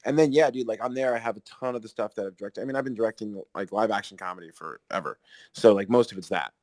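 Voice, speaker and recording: A man hosting a podcast in casual chat, rambling and excitable, swearing freely. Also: on the low side, fast talker, dry recording. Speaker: podcast host.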